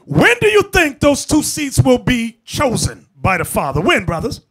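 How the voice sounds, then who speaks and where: A man preaching a fiery sermon, talking emphatically and shouting at times as he addresses the brothers. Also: extremely high pitch, huge pitch swings, normal speed, slightly rough. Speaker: bishop preacher.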